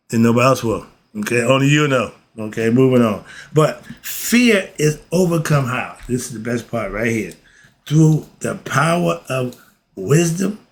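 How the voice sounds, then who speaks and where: A man teaching philosophy in a casual, emphatic way, often throwing rhetorical questions at his listeners. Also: medium pitch. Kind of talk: casual spoken lesson.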